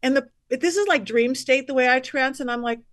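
A woman, a psychic medium guest on a podcast, telling stories in a lively, chatty way and acting out the voices of the people in them. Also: high-pitched, brisk, dry recording, studio quality. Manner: lively, acts out quoted voices, chatty asides. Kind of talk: animated storytelling on a podcast.

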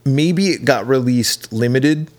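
A man's voice: medium pitch, slow, darkish tone. A man hosting a podcast in casual chat; he is laid-back, laughs often and swears casually. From United States. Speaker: podcast host.

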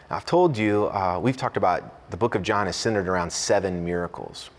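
Male pastor with a low voice, conversational sermon with humor and dramatic pauses, long hall reverb.

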